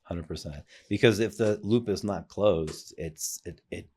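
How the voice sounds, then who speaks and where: Guest, male, very low pitch; earnest, reflective, loose conversational delivery with restarts. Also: a little slow, mellow, breathy edge. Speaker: podcast guest. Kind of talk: casual conversation.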